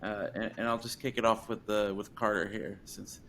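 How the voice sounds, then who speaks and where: A man's voice: fairly low pitch, fairly even intonation, moderate pace, gravelly, fairly bright tone, a little hiss or hum. A man hosting a podcast, talking about a film in an easygoing, hesitant way full of fillers. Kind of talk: casual film chat.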